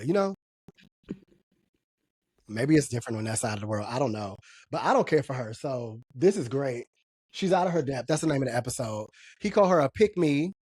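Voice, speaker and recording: Podcast co-host, woman, husky, animated gossip, dry close mic. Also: rumbling low, no echo. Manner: animated, laughing often, gossipy. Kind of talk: casual pop-culture chat.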